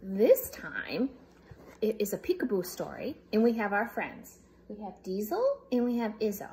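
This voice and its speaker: A woman's voice: medium pitch, animated, normal speed, mellow, a little hiss or hum. A woman reading a picture book aloud for young children in a playful way, making animal sounds as she goes. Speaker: storybook reader.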